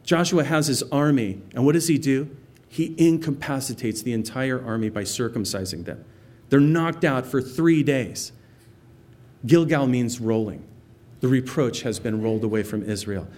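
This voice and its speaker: A pastor, male and medium-pitched, speaks at a moderate pace while teaching through a Bible passage verse by verse. He sounds relaxed and conversational, explaining the meanings of words and quoting scripture with heartfelt expression.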